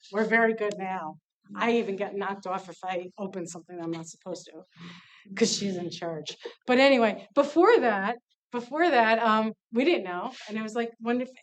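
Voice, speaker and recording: A woman leading a nonprofit tells a candid, lively story to students in a casual talk, acting out the dialogue. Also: a little high. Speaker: nonprofit CEO speaking to students.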